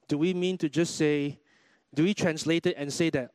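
A man preaching a sermon in a church, animated, acting out everyday quotes as he goes. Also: fairly high pitch, moderate pace, clean tone, no echo. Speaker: pastor.

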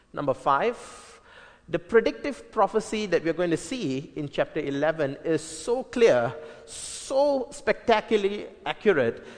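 A man's voice: a little high, long reverb tail. A man preaching an earnest Bible-teaching sermon, emphatic, with frequent fillers and restarts.

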